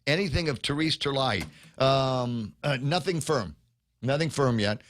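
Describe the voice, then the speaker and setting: A man's voice: mid-range voice, measured pace, fairly bright tone, a little hiss or hum. Rambling male radio talk show host. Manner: rambling, with many fillers and restarts, reads listener comments. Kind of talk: casual morning radio talk. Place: radio studio.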